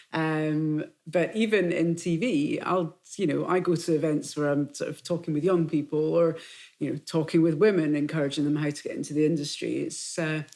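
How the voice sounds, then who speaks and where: A woman hosting a casual round-table chat at a kitchen table. She steers the talk with measured questions. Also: sits low, mellow. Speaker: podcast host and TV newsreader.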